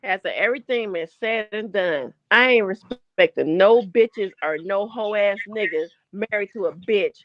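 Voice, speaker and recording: A woman's voice: medium pitch, expressive, normal speed, few pauses, no echo, dull audio. A woman co-hosting a livestream, ranting bluntly and with heavy profanity. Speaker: livestream co-host. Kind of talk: heated live-stream commentary.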